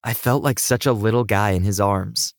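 A man narrating an audiobook in a steady, even storytelling manner. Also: lowish voice, normal speed, gravelly, dry recording, clean studio sound.

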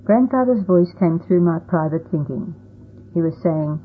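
A woman narrating a first-person storybook in a plain, steady reading manner. The sound is tinny and phone-like. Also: on the low side, unhurried, breathy edge. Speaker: audiobook narrator.

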